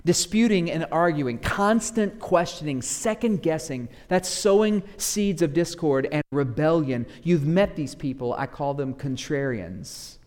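Animated preacher in a reverberant church. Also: male voice, fairly high pitch, unhurried, few pauses. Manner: animated preaching, acts out grumbling church members in asides. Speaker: pastor. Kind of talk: sermon.

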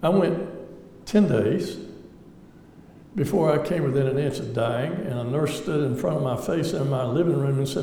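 In a large hall, a lay speaker gives an earnest personal testimony to an audience, reflective and touched with wry humor. His medium-pitched voice is mellow and moderately paced, and the recording carries the hall's echo and faint ambience.

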